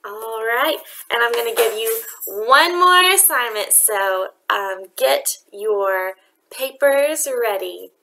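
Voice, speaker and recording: A woman teaches a rhythm lesson to young students at home, speaking slowly and patiently. Her voice is bright and a little high, and she breaks into sing-song when she demonstrates the beats. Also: lively intonation, creaky, slight background noise. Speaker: music teacher. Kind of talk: remote music lesson for children.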